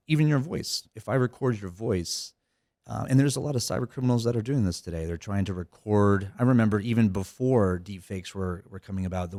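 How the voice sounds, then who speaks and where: Captured in studio quality with no echo, this guest has a low, mellow voice. He's a middle-aged man who heads a cybersecurity company, and his casual interview talk rambles with lots of fillers and false starts.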